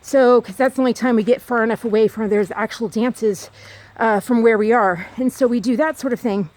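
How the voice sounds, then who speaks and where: A woman vlogging outdoors on a trail, talking in a rambling, repetitive, fast way while she walks. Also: fairly high pitch, a little mellow. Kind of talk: rambling walk-and-talk vlog.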